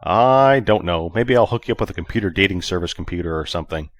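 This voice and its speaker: A man voicing a brash, exasperated male starship captain who talks loudly and pushily. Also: low voice, lively intonation, quick pace, no echo. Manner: loud, pushy and exasperated.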